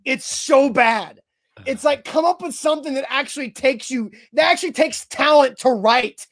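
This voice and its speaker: A man's voice: extremely high pitch, moderate pace, a bit bright. Exasperated male sports talk co-host. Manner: emphatic, exasperated, repetitive. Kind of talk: casual ranting chat.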